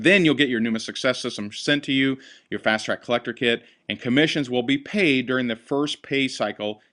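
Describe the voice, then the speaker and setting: A man makes an energetic sales pitch in a voice of ordinary pitch. He keeps it upbeat and salesy, pressing his points as he hosts. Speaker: host. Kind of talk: sales presentation on a call.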